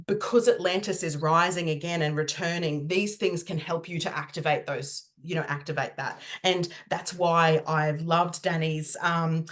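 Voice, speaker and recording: A woman's voice: deep voice, steady tone, normal speed, few pauses, fairly bright tone. A woman hosting a podcast, talking in a gushing, rambling way full of fillers. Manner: gushing, rambling, heavy use of "like" and "you know". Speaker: podcast host. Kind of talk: casual podcast chat.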